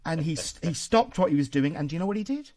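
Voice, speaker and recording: A man hosting a podcast interview, telling stories in an animated way and swearing freely. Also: on the high side, fast. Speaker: podcast host. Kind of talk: casual interview chat.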